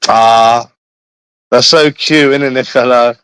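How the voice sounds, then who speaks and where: A Londoner with an English accent chats casually and rambles on a livestream, swearing constantly and calling viewers by name. His mid-range voice is slow, fairly even, somewhat bright, clear and resonant, with no echo, though the recording is rough.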